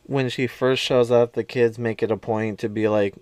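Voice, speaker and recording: A man's voice: medium pitch, steady tone, moderate pace, hardly any pauses, a little mellow, no room sound. A man casually recapping a movie he loves, gushing and chatty, with lots of fillers.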